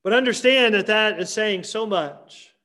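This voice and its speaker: Man, pastor, Sunday sermon, high voice, emphatic, repeats words for effect. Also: bright, forceful tone. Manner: emphatic preaching with dramatic pauses and repetition.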